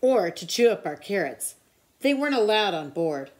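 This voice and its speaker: Expressive woman reading a picture book. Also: mid-range voice, normal speed, background noise. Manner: expressive storytelling. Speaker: tutor. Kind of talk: children's picture book read aloud.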